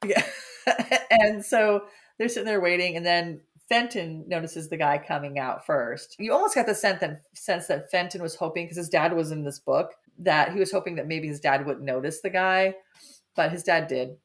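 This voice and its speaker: A woman's voice: fairly low pitch, normal speed. Chatty woman recapping a movie. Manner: chatty, laughs often, acts out quotes. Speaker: podcast co-host.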